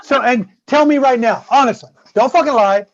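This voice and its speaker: A man with a Southern US accent, swearing freely as he tells an animated story in casual podcast chat. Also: very high-pitched, moderate pace, dry recording. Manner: profane, animated storyteller with many "right?" tags. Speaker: guest co-host. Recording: slightly dull lo-fi dry sound.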